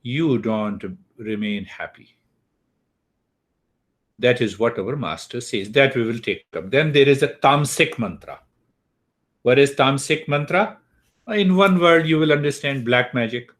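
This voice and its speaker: Man, slow, deliberate, lecturing, video call. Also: mid-range voice, a bit bright. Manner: slow, deliberate, checks in with students. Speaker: spiritual teacher. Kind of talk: online class lecture.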